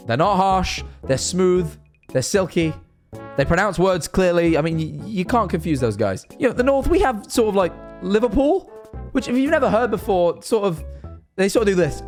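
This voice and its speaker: A man's voice: high voice, very animated, moderate pace, faint music behind. A young man, rambling cheekily and animatedly to camera in a casual monologue. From northern England. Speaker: streamer and vlogger.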